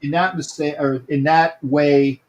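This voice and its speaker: A man's voice: a little high, steady tone, a little slow, darkish tone. A man hosting a casual sports talk livestream, greeting viewers by name and often repeating himself.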